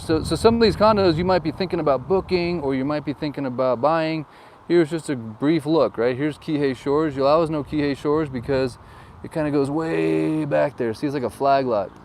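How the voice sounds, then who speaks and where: Joking guy doing a driving tour on his phone, bit high voice, windy traffic noise. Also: darkish tone, rough recording. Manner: chatty, jokey, tells anecdotes. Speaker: real estate agent vlogger. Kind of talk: casual driving tour commentary. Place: in a car driving outdoors. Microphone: phone camera. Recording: windy outdoor phone recording. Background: wind and traffic noise.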